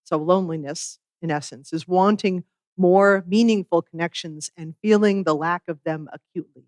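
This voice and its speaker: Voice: mid-range voice, moderate pace, no echo. Reflective minister, dry close sound. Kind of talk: sermon.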